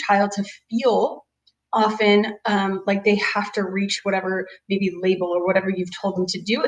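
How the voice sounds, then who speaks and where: A woman in her thirties, a chiropractor, giving a casual webinar talk on parenting from her office, rambling with lots of "um" and "you know". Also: medium pitch. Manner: acts out quoted voices of her kids and parents. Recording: roomy, distant-sounding office recording.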